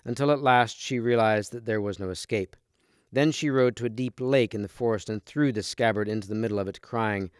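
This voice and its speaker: A man reading a storybook aloud with steady, clear storytelling. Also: medium pitch, no room sound, clean studio sound. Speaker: storybook reader.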